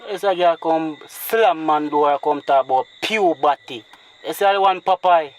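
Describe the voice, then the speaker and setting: A man's voice: fairly high pitch, unhurried, slight background noise, low-quality recording. A man with a Jamaican accent, scolding irritably in a comedy sketch.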